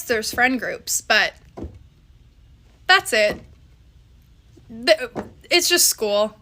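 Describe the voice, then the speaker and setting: A woman's voice: high-pitched, pushed and bright. A young woman from Canada, chatting to camera as a vlogger in a casual, exasperated way. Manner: chatty and exasperated, with mocking quoted voices. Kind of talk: casual talking-to-camera commentary.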